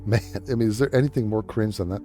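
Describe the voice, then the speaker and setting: A man's voice: on the low side, fast talker, warm tone, soft background music. A man giving profane reaction commentary in a sarcastic, scornful tone. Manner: sarcastic, scornful, swears a lot. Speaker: commentary YouTuber.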